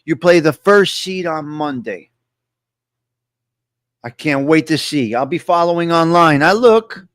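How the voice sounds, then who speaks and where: A man's voice: a little high, expressive, measured pace, pauses often, a bit bright, no echo, clean studio sound. A man hosting a casual live-stream chat, talking to viewers and repeating his points with emphasis. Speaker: host.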